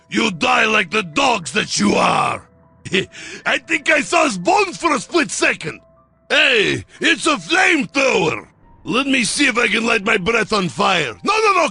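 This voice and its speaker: A boisterous Russian soldier from a video game, boasting with a thick Russian accent. The voice is high, bright and husky, with gravel in it, and the delivery is slow and full of shouts. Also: male voice, heavily acted. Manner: boastful, gleeful bellowing. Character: boisterous vodka-loving male Russian soldier.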